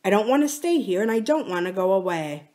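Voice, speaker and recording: A wistful, unsettled young farmer who talks in a quiet, musing way, as a woman reads him aloud. He sounds dissatisfied and searching rather than angry. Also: medium pitch, lively intonation, a little fast, close to an everyday voice. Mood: restless.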